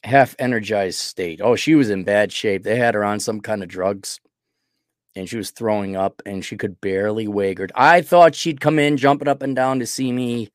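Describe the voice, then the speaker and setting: A man's voice: lowish voice, fairly even intonation, normal speed, dry recording, clean studio sound. A man hosting a podcast, talking casually in a rambling, self-deprecating way while sick with a cold. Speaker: podcast host. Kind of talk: casual monologue.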